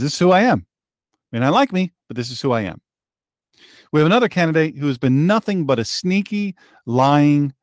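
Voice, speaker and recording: A man's voice: mid-range voice, no echo, studio quality. A man hosting a political talk show, delivering a heated, sarcastic commentary monologue and often repeating himself.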